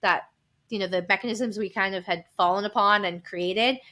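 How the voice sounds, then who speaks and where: Bright-voiced woman telling candid stories. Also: mid-range voice, normal speed. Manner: open and animated, laughs often. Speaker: podcast guest. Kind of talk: candid personal storytelling.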